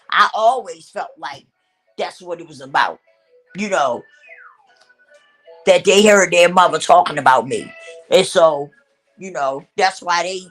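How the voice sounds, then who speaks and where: A middle-aged woman talking casually into her own vlog, retelling a family story with animated back-and-forth and a habit of repeating "I said.". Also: lowish voice. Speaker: vlogger.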